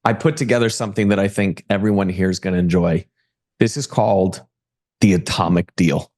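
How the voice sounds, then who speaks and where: Emphatic motivational man, fairly low voice. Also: fairly even intonation, a little fast, a little mellow. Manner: emphatic motivational speaker, rhetorical questions. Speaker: personal branding agency owner. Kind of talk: live presentation pitch.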